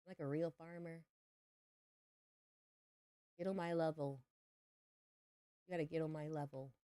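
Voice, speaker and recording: Chatty low-voiced woman streamer. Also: fairly even intonation, a little slow, warm tone, clear, resonant tone, dry recording. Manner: chatty, playful, talks to viewers. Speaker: game streamer. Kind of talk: casual livestream chat while gaming.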